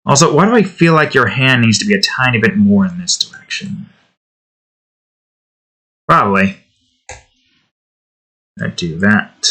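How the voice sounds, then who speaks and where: Bright-voiced man chatting while he draws. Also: medium pitch, sing-song, a little slow, pauses often. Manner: rambling, offhand, self-deprecating. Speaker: artist and channel host. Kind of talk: casual chat while drawing.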